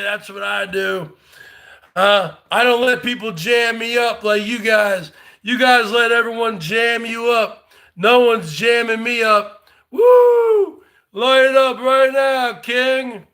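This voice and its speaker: A man doing a comic impression of a brash loudmouth who taunts a rival over and over in shouty bursts. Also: very high voice, gravelly, full character voice. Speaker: parody comedian. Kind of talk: comedic impression rant.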